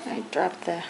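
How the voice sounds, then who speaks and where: Playful mother with a high voice. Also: gravelly, very noisy. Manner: playful, cooing and teasing talk to young kids. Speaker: mother filming her children. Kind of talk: casual family vlog chatter. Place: at home. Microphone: handheld camera.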